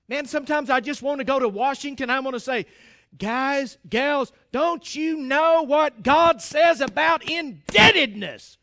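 This sermon comes from a pastor in the United States whose voice is unusually high for a man and a bit bright. He talks straight to the congregation with insistent emphasis, stumbling over, repeating and restarting his words.

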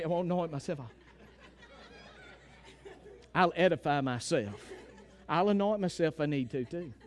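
A man preaching a sermon, retelling a story and acting out the quotes, dropping to a hush and rising to shouts. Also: a little high.

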